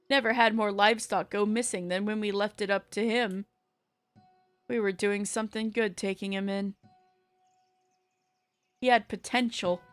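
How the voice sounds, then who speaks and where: A woman reading aloud as a gruff middle-aged farmer who rambles on, in her own plain voice with no accent put on. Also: medium pitch, a bit bright, natural voice. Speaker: streamer reading a visual novel aloud.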